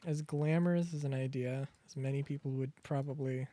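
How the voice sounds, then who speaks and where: A man's voice: medium pitch, steady tone, fairly quick, dark tone. A young man streaming a survival game, rambling through chatty asides and cutting himself off mid-thought. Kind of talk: casual gaming commentary.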